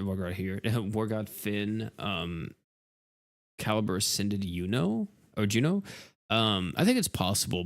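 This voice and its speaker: A young man livestreaming a game, rambling casually and exasperatedly to his chat viewers. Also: on the low side.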